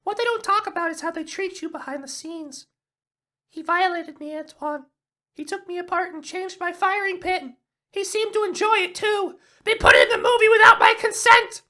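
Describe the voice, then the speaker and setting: A shrill, piercing voice plays an unhinged, vengeful sniper rifle in a comedy skit. Its delivery turns into manic, shouting threats. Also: male voice, moderate pace, full character voice. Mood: aggrieved.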